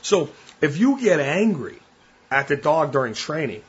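Blunt husky-voiced man. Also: on the high side, sing-song, unhurried, muffled recording. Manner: blunt, plain-spoken. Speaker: podcast host. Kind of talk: casual monologue.

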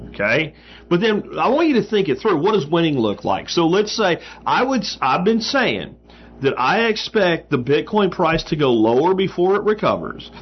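A man's voice: mid-range voice, slightly rough, muffled recording. A man hosting a show, casually answering listener mail with frequent fillers and emphatic asides. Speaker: podcast host.

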